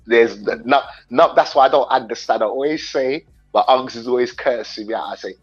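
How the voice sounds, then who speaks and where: A British man hosting a casual chat, talking in an animated, slangy way with some swearing. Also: mid-range voice, a little fast, hardly any pauses, breathy edge, highs cut off, faint music behind. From England. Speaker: host.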